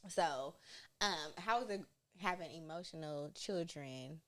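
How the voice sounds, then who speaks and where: A young woman hosting a casual podcast chat with her mother, talking in a lively, storytelling way and laughing often. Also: sits low, unhurried. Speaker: podcast host.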